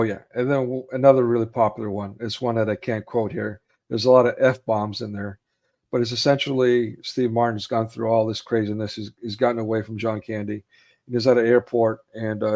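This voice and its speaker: A man's voice: lowish voice, a little mellow. Man rambling casually about favorite films. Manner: rambling, with many fillers and restarts; acts out movie quotes in raised voices. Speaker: co-host of a film chat.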